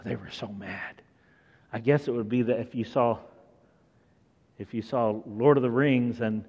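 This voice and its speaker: Slow-preaching man in an echoey hall. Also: mid-range voice, lo-fi sound. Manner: animated storytelling, acts out scenes. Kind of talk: sermon.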